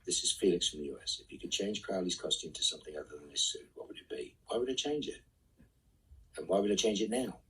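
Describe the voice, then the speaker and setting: Deep breathy guy doing a fan q&a stream, dry jokes, sounds a bit far off the mic. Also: a bit bright. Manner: reads questions aloud, then answers with dry quips. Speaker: actor answering fan questions. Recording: voice set back from the mic.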